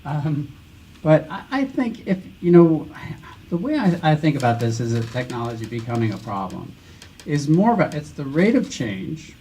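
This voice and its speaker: A man's voice: fairly high pitch, very animated, moderate pace, warm tone, low-quality recording. A man on a panel answering a question thoughtfully, often restarting his sentences. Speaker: panel speaker.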